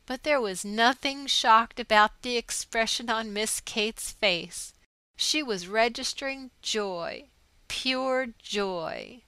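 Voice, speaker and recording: A woman narrating a short story aloud, measured and steady. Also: a little high, clean tone, dry recording, poor audio. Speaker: audiobook narrator. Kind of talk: scripted narration.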